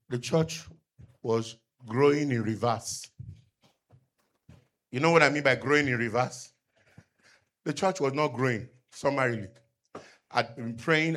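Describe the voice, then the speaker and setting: Man, pastor, bright forceful voice, slightly high pitch, call-and-response sermon. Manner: emphatic call-and-response preaching, rising to loud peaks.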